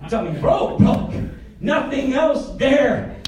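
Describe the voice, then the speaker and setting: An older man preaches in a very high voice, rising to fervent shouts and dropping to low, easy asides. His voice booms around a hugely echoing church, caught from some distance. The congregation answers him from the pews. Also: lively intonation, takes it slowly, some chatter behind. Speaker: pastor. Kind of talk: sermon. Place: church sanctuary. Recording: echoey church, heard from a distance, congregation audible. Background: congregation calling out responses.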